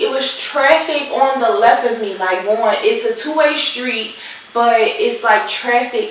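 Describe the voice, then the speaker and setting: A young woman, animated and swearing, acting out the people in her storytime vlog while she does her makeup. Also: fairly high pitch, far from the mic. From Philadelphia. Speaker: vlogger. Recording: echoey room, off-mic, faint hiss.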